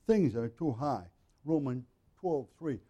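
A male pastor giving an earnest, conversational sermon, often clearing his throat. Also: medium pitch, animated, measured pace, warm tone. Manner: frequent throat clearing, earnest and plain-spoken.

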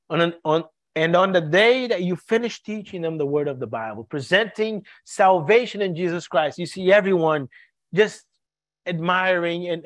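High-voiced earnest male preacher. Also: no room sound. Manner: earnest, repeats words when searching for them. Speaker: pastor. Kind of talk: sermon.

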